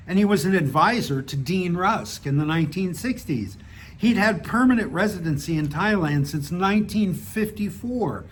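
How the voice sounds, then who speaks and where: A man reads his own short story aloud in a relaxed, casual manner, now and then stumbling and restarting a phrase. His voice sits fairly high for a man. Faint noise runs underneath. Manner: relaxed reading with casual, self-deprecating asides and small restarts. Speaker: author reading his own stories. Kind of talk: audiobook narration of a short story.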